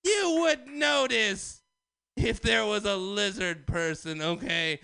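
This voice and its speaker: Manic high-pitched male comic. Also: slow, creaky, clear, resonant tone, dry recording. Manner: loud, manic, conspiratorial ranting. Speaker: stand-up comedian. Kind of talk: open mic stand-up set.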